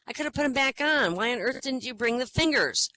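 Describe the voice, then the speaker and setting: An exasperated male emergency room doctor fires off scolding questions, as a woman puts him on. The voice swoops in pitch with a bright, forceful edge. It comes across as an incredulous rant inside a spoken joke. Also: animated, brisk, a little hiss or hum.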